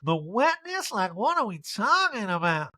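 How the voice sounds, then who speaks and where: A man doing a mocking high-pitched impression of a brash, gossipy socialite woman, drawing out his words. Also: sing-song, normal speed, bright, forceful tone, exaggerated voice.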